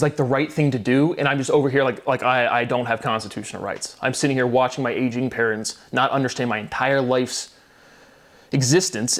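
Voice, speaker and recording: Vlogger, male, mid-pitched voice; long agitated rambling monologue, repetitive, profane. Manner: swears often. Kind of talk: solo monologue to camera.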